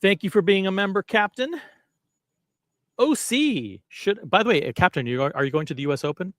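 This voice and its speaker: A man's voice: sits high, animated, fairly quick, dry recording. Male livestream host, casual and rambling, self-mocking, dry close sound. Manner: rambling, self-deprecating, chatty with viewers. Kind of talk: casual live-stream chat.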